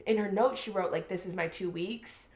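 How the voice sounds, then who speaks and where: A young woman co-hosting a podcast who recaps a book in casual chat. She is an animated storyteller who swears freely and says "like" often. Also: mid-range voice, normal speed. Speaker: podcast co-host. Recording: roomy echo.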